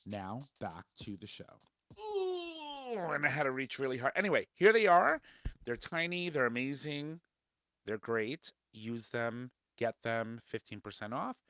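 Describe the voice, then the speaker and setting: Playful man with an animated voice. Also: medium pitch, moderate pace, dry recording. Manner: playful, joking. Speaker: podcast host. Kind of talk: casual chat.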